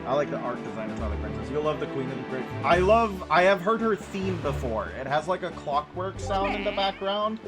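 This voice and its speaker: A man's voice: a little high, animated, fairly quick, few pauses, over music. A man casually commenting on a game as a streamer, playful and prone to sing-song bits. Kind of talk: casual let's-play commentary.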